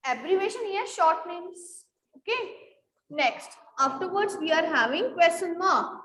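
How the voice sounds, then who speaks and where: Woman teacher, high-pitched, repetitive classroom questioning, reverberant room. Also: expressive, a little slow, pushed and bright. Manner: repeats questions to the class, fills with "you can say". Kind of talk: classroom grammar lesson. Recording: echoey room with long reverb.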